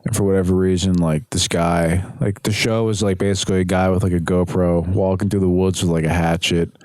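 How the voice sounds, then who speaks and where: A young man with a fairly low voice tells a rambling story on a podcast, often breaking into laughter. The sound is dry and close, with no room around it. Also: level tone, a little fast, darkish tone, dry recording. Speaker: podcast guest. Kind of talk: casual storytelling chat.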